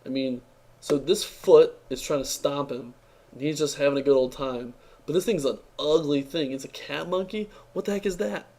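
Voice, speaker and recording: A man's voice: a little high, moderate pace, darkish tone. A young man with a tired, strained voice, giving an offhand, sarcastic review in casual speech, full of fillers and restarts. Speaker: card game reviewer.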